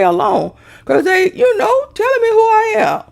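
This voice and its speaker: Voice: very high voice, wildly swooping pitch, normal speed, vocal fry. A middle-aged vlogger ranting to viewers in a brash, profane, theatrical way, straight into a phone or webcam.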